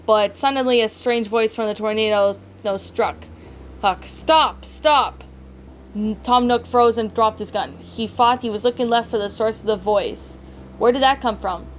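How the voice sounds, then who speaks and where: A woman reading a creepypasta aloud in a halting way, often stumbling and correcting herself. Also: fairly high pitch, slight background noise. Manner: halting, frequent self-corrections. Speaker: story reader. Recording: faint background music.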